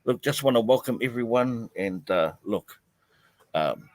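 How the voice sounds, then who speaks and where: A man's voice: mid-range voice, lively intonation, a little slow, no echo, low-quality recording. A man hosts a live stream from outdoors behind his house, chatting casually with many fillers and greeting viewers by name.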